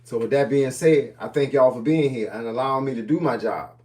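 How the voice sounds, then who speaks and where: A fitness coach in his fifties talks through viewers' questions on a live stream. He speaks in a relaxed, folksy way, full of plain slang, with a voice of ordinary pitch for a man. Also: brisk, far from the mic. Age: 50s.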